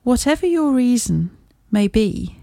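A woman's voice: on the high side, sing-song, measured pace, gravelly, mellow, dry recording, clean studio sound, pitched above the performer's own voice, exaggerated voice. A woman playing a frightened, tremulous young woman. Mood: fearful. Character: frightened young woman of thirty, terrified client.

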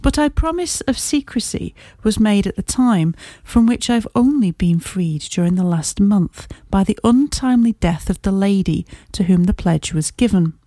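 Mellow-voiced woman reading a story. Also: mid-range voice, no room sound. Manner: steady, measured storytelling. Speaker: audiobook reader. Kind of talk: scripted narration.

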